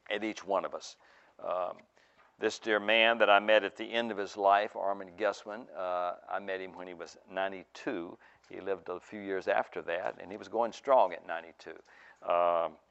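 A man's voice: lowish voice, a bit bright, clean tone. Male preacher, emphatic sermon delivery, lots of uh and restarts, muffled lo-fi recording. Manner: emphatic with many fillers and restarts.

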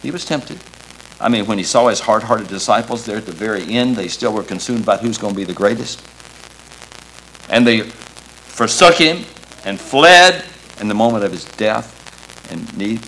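A man preaching a sermon in an earnest, emphatic way, quoting scripture with halting restarts. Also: on the low side, animated, fairly bright tone, poor audio.

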